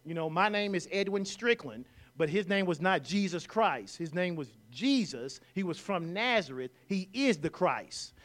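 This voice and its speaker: A man preaching a sermon in a church, leading the congregation in call-and-response and rising to loud exclamations. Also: high voice, expressive, moderate pace, hardly any pauses.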